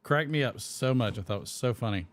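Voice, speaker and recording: A man's voice: mid-range voice, animated, fast. A man hosting a live pipe-smoking stream, chatting casually, rambling and reading comments aloud while he smokes. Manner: rambling, reads chat comments aloud and chuckles.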